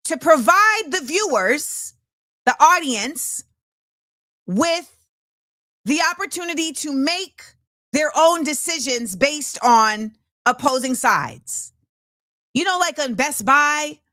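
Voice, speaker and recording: Woman host, emphatic and forceful commentary, high bright voice, dry close sound. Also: no room sound. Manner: forceful, emphatic, repetitive rhetorical phrasing. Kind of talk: impassioned commentary monologue.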